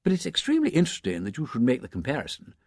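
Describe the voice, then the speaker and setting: An urbane aristocratic gentleman, as a narrator plays him, smooth and measured, only slightly lifted from the reader's own voice. The audiobook sound is dry and close. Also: medium pitch, wildly swooping pitch, no echo, pitched above the performer's own voice.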